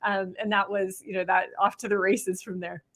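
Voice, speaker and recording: A woman's voice: medium pitch, flat delivery, normal speed. A woman realtor and trainer, a guest on a podcast, telling stories in an upbeat, casual way and acting out the people she quotes. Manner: upbeat storyteller, acts out quoted people, laughs often. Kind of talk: casual interview talk.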